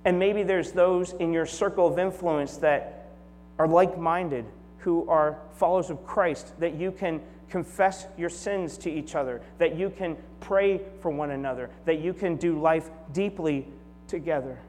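A male pastor in his forties gives a conversational sermon in a slightly high voice. His delivery moves between upbeat storytelling and quiet, hushed reflection. The church hall adds a long reverb tail over a faint electrical hum. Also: a little slow. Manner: conversational, moves from lively storytelling to soft, hushed prayerful tones. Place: church sanctuary.

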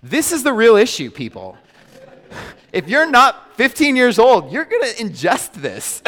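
A man preaching a sermon as a pastor, animated and joking with his congregation. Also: extremely high pitch, unhurried. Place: large church hall. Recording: hall reverb.

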